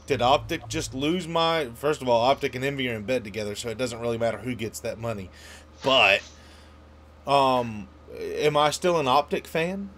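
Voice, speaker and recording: A man co-hosting a casual gaming podcast, emphatic and animated, asking rhetorical questions. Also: medium pitch, normal speed, slight background noise. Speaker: podcast co-host.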